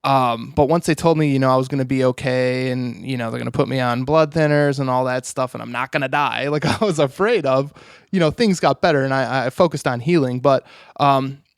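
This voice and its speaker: A man's voice: medium pitch, brisk, clear, resonant tone, dry recording, clean studio sound. A man, an interview guest, telling a personal story in an earnest, rambling way with many "you know"s.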